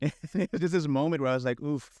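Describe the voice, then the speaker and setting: A middle-aged man, a film director guest, telling stories in casual, animated talk full of fillers and quoted thoughts. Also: fairly high pitch, fast talker, no echo, studio quality. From San Francisco Bay Area. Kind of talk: casual conversational storytelling.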